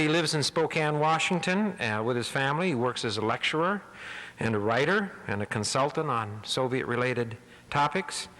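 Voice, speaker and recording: A man's voice: medium pitch, fairly bright tone, big-room sound, poor audio. Hesitant man introducing a speaker. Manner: hesitant, with many fillers. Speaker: event host introducing speaker. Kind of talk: formal introduction. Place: college lecture hall.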